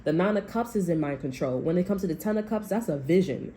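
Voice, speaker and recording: Woman tarot reader, casual monologue, foul-mouthed and rambling, mellow tone, faint hiss behind. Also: on the low side, expressive, quick pace. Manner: blunt, profane, rambling.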